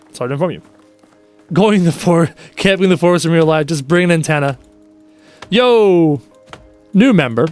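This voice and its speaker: A man's voice: a little high, expressive, normal speed, pauses often, darkish tone, faint music behind. A man live-streaming a game, chatting casually and reading out viewers' messages in a playful way. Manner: chatty, reads chat aloud, playful.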